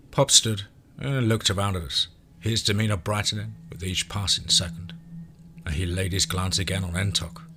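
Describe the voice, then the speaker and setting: A man narrating an audio story in a measured, steady storytelling voice. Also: low-pitched, slight background noise.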